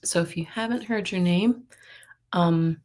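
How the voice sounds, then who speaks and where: ゆっくり話す女性の配信ホスト. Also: female voice, on the low side, measured pace, a little mellow. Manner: chatty, greeting viewers by name with frequent laughs. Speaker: psychic livestream host. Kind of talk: casual live-stream chat.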